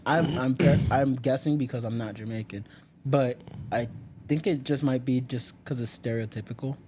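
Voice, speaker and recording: A man's voice: mid-range voice, normal speed, noisy background. A young man from Miami, a podcast guest in casual chat, telling stories and laughing often. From Miami, United States. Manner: laughs often, animated storytelling.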